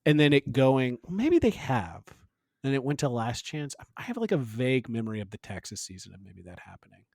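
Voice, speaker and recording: A man co-hosting a podcast, talking casually with a pitch that swings up and down a lot. He rambles through asides and laughs often. The sound is close and dry, with no room around it. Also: big pitch swings, fairly quick, darkish tone, dry recording. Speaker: podcast co-host. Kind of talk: casual chat.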